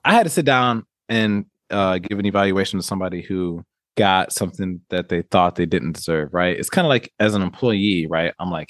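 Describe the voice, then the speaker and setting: Man, lowish voice, dry close sound, casual chat, swears a lot, animated storyteller. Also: brisk, dry recording. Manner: profane, animated storytelling with acted quotes.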